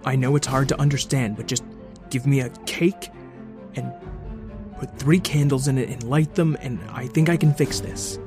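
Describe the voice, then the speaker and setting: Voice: mid-range voice, fairly even intonation, normal speed, over music, close to an everyday voice. A performer voicing a precocious boy who insists earnestly that something is wrong. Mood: insistent.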